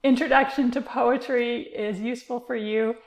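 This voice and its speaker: Woman lecturing with a gravelly, echoey voice. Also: on the high side, steady tone, normal speed. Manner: explanatory, many fillers like uh and um. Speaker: literature teacher. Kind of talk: recorded lecture.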